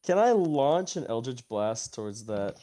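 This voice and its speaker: A man's voice: mid-range voice, sing-song, unhurried, warm tone. A man playing a tabletop game, asking short, eager questions. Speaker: player. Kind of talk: casual tabletop play.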